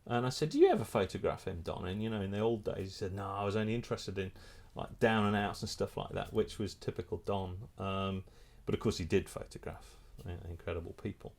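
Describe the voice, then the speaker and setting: A middle-aged man, a photographer and filmmaker, telling a lively anecdote in a casual interview, restarting his sentences often. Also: lowish voice, quick pace, vocal fry, few pauses. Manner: animated storyteller, many restarts.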